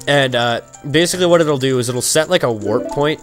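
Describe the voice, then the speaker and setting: A young man rambles through gameplay commentary in a casual, crude way, full of fillers and sudden swears. His voice is mid-pitched, and game music plays steadily under his talk. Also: normal speed. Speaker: let's play commentator.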